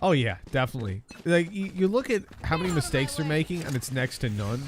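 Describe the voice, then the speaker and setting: A young man giving energetic play-by-play esports commentary that climbs on big plays. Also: fairly high pitch, quick pace, slight background noise. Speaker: esports caster.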